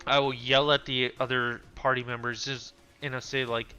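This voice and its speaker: A man playing a tabletop game who gets excitable and shouts in bursts, slipping in and out of his character. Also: mid-range voice, normal speed, few pauses, clean tone. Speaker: player. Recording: dull lo-fi sound with faint background music.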